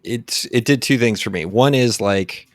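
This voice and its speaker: A man's voice: mid-range voice, a little slow, no echo, studio quality. A man in his forties from San Antonio, hosting a podcast in casual, rambling conversation full of fillers and restarts. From San Antonio, Texas. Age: 40s. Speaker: podcast host.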